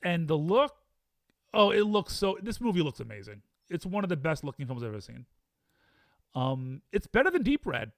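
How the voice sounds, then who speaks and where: A man rambles cheerfully through a ranked list of films, asking himself aloud which title beats which. His voice sits a bit high and swings widely in pitch. The sound is close and dry, with no room around it. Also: sing-song, normal speed, creaky, dry recording. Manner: chatty, enthusiastic, debates rankings aloud with himself. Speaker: film reviewer. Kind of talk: casual film-ranking monologue.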